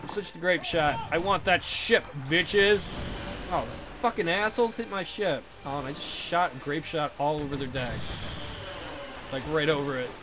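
A man's voice: fairly high pitch, moderate pace, background noise. A young man giving casual, joking commentary over a pirate video game, with crude, playful asides. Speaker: let's play gamer.

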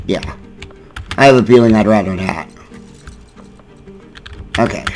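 A man's voice: unhurried, faint music behind, rough recording. Cursing, frustrated man gaming. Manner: frustrated, swearing at the game; yelling in sudden high bursts. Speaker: gaming YouTuber. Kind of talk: gameplay commentary.

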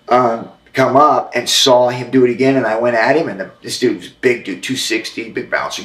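A man telling a long, halting story as an interview guest, with frequent restarts. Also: medium pitch, echoey room, rough recording. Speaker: interview guest, former wrestler.

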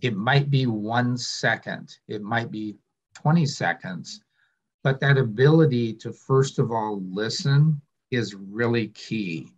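A man speaking on a webinar, explaining in a measured, deliberate way over a video call. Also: medium pitch. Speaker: webinar presenter. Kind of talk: explanatory panel talk. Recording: muffled lo-fi call audio.

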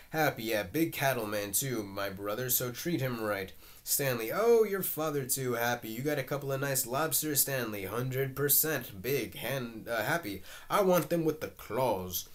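Man reading a play aloud. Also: mid-range voice. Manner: reads character names and stage directions plainly.

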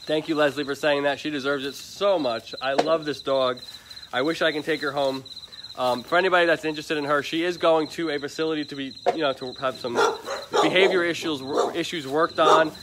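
Outdoors at an animal shelter at night, a man from Florida chats on a live stream, upbeat and repetitive, as crickets chirp and dogs bark. He speaks fairly quickly in a high-ish voice with fairly even intonation, and there's background noise.

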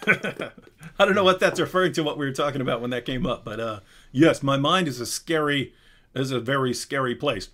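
A male host chatting on a live Q&A stream. His voice is bright and forceful, sitting at a middle pitch for a man. He talks animatedly, restarting sentences and tossing in asides. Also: moderate pace. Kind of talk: casual live Q&A chat.

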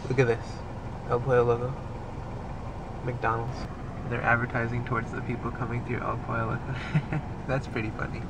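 A man's voice: medium pitch, level tone, normal speed. A man with a stuffy nose from allergies, chatting casually while he vlogs from his car and around town. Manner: rambling, offhand. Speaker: vlogger. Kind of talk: casual vlog chat. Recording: street and traffic noise. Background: traffic and city ambience.

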